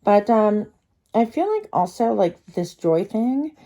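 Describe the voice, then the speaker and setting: A woman's voice: mid-range voice, very animated, slow pace, dark tone. A woman giving a pick-a-card tarot reading, chatty and rambling, thinking aloud with many fillers and slightly slurred speech from a retainer.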